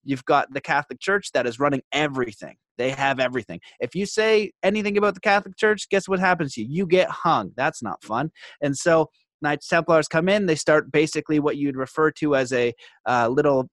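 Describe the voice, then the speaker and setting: A man talking as a podcast guest in casual conversation, getting worked up and animated as he makes his points. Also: fairly high pitch, a little fast, no echo. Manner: animated, worked-up when ranting.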